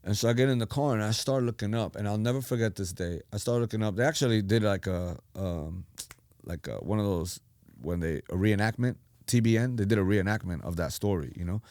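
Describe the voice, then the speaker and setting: A middle-aged man, a pastor, telling his life story in animated casual talk and acting out the voices he quotes. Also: on the low side, a little fast, dry recording, studio quality. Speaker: pastor, podcast guest.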